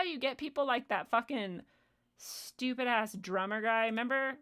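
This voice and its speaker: A woman's voice: medium pitch, normal speed, a bit bright, clean tone. A woman streamer ranting in a sarcastic, profane, exasperated way as she hosts her own show. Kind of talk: ranting live-stream commentary.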